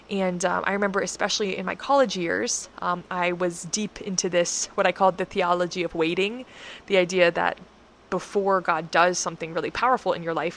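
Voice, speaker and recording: A woman's voice: medium pitch, creaky, a bit bright, slight background noise. A young adult woman who reads a scripture passage aloud, then reflects on it in an earnest, rambling, chatty way with many fillers. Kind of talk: scripture reading and personal reflection.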